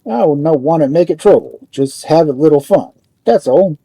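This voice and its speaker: A man's voice: on the high side, animated, normal speed, warm tone, slightly rough, dry recording. A man playing Joe Magarac, giant steel-bodied mill worker. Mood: easygoing. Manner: broken immigrant English, easygoing boasting. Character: huge good-natured male steelworker made of steel.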